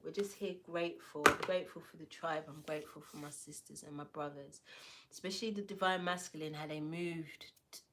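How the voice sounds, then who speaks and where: A woman giving a casual oracle card reading, playful and affirming, with slangy asides to her viewers. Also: low-pitched. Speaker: tarot and oracle card reader.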